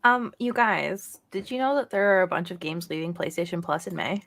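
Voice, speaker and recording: A woman's voice: fairly low pitch, animated, a little fast, vocal fry, a bit bright. Chatty woman podcast co-host. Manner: chatty, laughs often, trails off searching for names. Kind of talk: casual chat.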